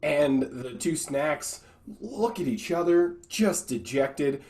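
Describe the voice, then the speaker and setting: A man improv performer telling jokes in a measured, deadpan way. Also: a little high. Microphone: video call.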